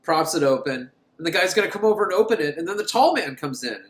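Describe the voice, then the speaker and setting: A man's voice: fairly high pitch, very animated, fast, echoey room. A young man hosting a comic film recap, sarcastic and joking, laughing often. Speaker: podcast host.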